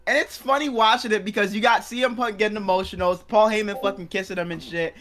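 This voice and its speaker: A man co-hosting a podcast, chatting casually, excitable and profane, with lots of agreeing murmurs. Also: high voice, fast talker. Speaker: podcast co-host. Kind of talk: casual chat.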